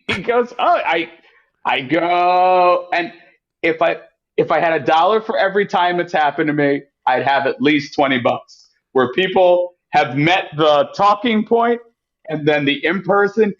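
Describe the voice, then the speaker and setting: A man guest chats easily on a podcast and leaps into bright character voices whenever he quotes someone. His voice sits fairly high for a man. The recording is muffled and lo-fi. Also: unhurried. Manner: animated, acts out quotes with pitch jumps. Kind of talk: casual storytelling chat. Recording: muffled lo-fi audio.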